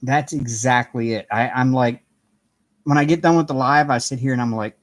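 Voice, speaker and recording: A man's voice: medium pitch, normal speed, no echo. Rambling, chatty man hosting a live stream. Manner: rambling, chatty, greets viewers by name. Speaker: livestream host chatting with viewers. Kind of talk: casual live-stream chat. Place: home apartment.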